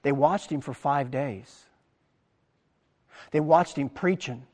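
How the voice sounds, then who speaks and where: A man preaching a sermon as pastor, animated, acting out the crowd's words in his talk. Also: medium pitch, slow pace, big-room sound. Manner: animated preaching, acts out quoted crowd lines.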